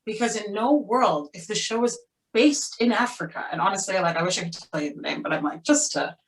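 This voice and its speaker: A young woman theater actor, candid and animated, talking on a panel with frequent "like" fillers. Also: medium pitch, brisk, slight background noise. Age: young adult. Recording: voice distant from the mic.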